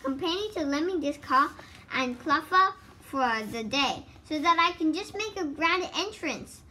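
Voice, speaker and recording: A woman reading aloud as a teasing young woman opera singer, in a halting read with some stumbles. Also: high voice, animated, sharp tone, heavily acted. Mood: playful. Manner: reads haltingly, stumbling over words.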